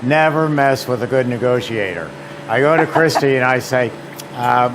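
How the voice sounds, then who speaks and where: A man's voice: mid-range voice, moderate pace, noisy background. A man presenting at a seminar, telling anecdotes in a chatty, filler-laden way. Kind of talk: demonstration talk.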